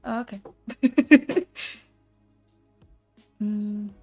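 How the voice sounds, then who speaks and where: A young woman from South Africa chatting casually on a live stream while she draws, relaxed and quick to laugh, with plenty of fillers. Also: medium pitch. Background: soft background music.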